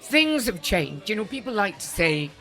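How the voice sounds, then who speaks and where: A woman's voice: medium pitch, very animated, normal speed, a bit bright, faint music behind. An older woman hosting a podcast, teasing and blunt with her guests in casual banter. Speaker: podcast host.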